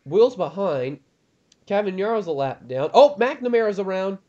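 A young man doing casual commentary on a sim race, rambling with many ums and getting excited at crashes. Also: high voice, normal speed, lo-fi sound. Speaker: lead commentator of a sim racing league.

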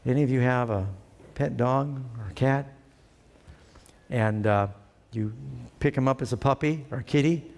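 Pastor preaching in a reverberant hall. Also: male voice, mid-range voice, moderate pace, long pauses, a little mellow. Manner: asks the congregation questions and acts out everyday sayings. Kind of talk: sermon.

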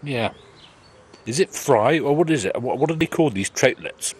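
A man's voice: medium pitch, animated, moderate pace, slightly rough. A man, rambling through cheeky casual banter as host. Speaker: channel host.

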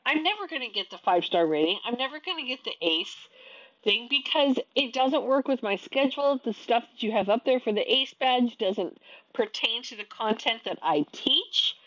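A woman's voice: on the high side, expressive, normal speed, a bit bright, no room sound, dull audio. A woman in her thirties, an online teacher, venting her frustration in a casual talk to camera, often restarting her sentences.

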